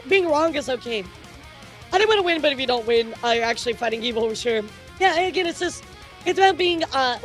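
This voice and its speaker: A woman's voice: high-pitched, a bit bright. A woman hosting a live stream, talking casually to her chat, chatty and repetitive with frequent laughs. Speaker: streamer news host.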